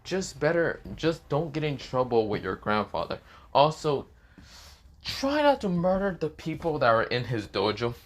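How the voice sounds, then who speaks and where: A man's voice: fairly high pitch, very animated, normal speed, pitched above the performer's own voice. A man voicing a blunt, teasing middle-aged father who scoffs and trades mock threats. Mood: gruff.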